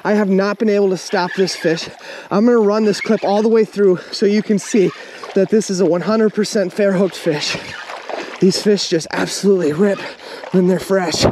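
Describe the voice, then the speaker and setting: A high-voiced man exclaims and pants as he fights a fish, out of breath between words. He is on a riverbank, recorded on a camera mic with loud rushing water behind him. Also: steady tone, slight background noise, rough recording. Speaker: fishing vlog host. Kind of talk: live excited commentary while fighting a fish. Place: outdoors on a riverbank.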